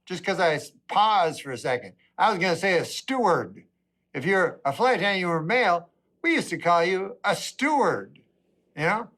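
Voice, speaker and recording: A middle-aged man doing a stand-up comedy routine, with a deadpan, rambling delivery full of asides. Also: high-pitched, normal speed.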